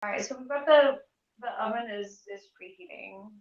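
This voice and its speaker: A woman's voice: on the high side, animated, moderate pace. A woman in her forties casually chatting and swearing as she cooks on a livestream. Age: 40s. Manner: chatty, profane, self-deprecating. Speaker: streamer. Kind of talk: casual cooking livestream chat. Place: home kitchen. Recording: echoey room, dull lo-fi audio.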